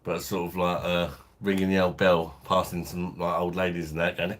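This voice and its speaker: A man's voice: deep voice, level tone, normal speed, hardly any pauses, fairly bright tone. A man hosting a casual beer review livestream, chatting laid-back and reading out viewer comments. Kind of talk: casual live-stream chat.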